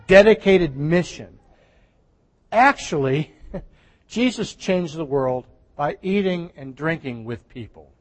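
A man pastor preaching a sermon in a conversational way, with restarts and soft laughs, recorded in a church. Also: a little high. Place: church sanctuary. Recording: church hall reverb.

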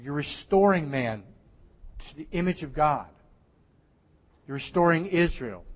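High-voiced preaching man in a reverberant hall. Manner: animated, emphatic preaching with sudden drops to near-whisper. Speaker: pastor. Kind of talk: sermon.

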